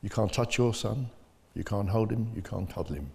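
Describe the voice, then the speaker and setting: A man's voice: on the low side, moderate pace, vocal fry, slightly rough. An older man, bluntly telling his personal story as an interview guest. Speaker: bereaved father, interview guest. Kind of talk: personal testimony. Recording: long hall reverb.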